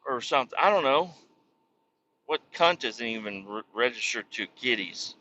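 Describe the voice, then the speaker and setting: A man's voice: medium pitch, animated, normal speed, sharp tone, muffled recording. A man hosting a podcast, telling a rambling, profane, self-mocking comic story. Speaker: podcast host. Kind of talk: comedic storytelling monologue.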